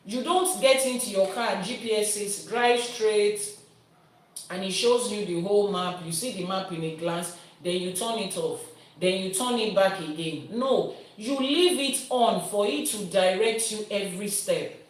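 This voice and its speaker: A woman's voice: medium pitch, unhurried. A woman, a priestess teaching and answering viewers' questions with everyday comparisons. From Nigeria. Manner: explains with everyday comparisons, lively teacherly delivery. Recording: roomy sound from a distant mic.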